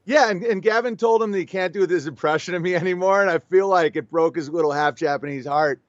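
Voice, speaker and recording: A man's voice: high voice, quick pace, dry recording, muffled recording. A man talking as a guest on a show, telling a story animatedly and acting out both sides of the conversation. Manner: animated, storytelling with quoted back-and-forth. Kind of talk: casual conversational interview.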